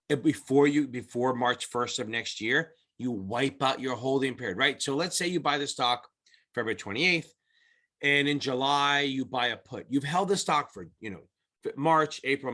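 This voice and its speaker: A man's voice: mid-range voice, bright, forceful tone. A middle-aged man teaching exam prep in a casual, blunt and profane way, rambling through his explanations. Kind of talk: casual whiteboard lesson.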